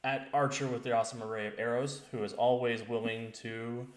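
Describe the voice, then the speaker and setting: A man's voice: mid-range voice, little pitch movement, fairly quick. Upbeat male game master for a tabletop stream, recorded with some room echo. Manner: enthusiastic, laughing often. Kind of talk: tabletop role-play stream intro. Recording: roomy echo.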